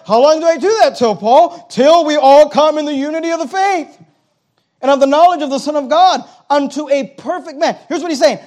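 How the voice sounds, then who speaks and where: A middle-aged man preaching a sermon as pastor, emphatic, dropping now and then to a hush. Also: very high-pitched, a little fast.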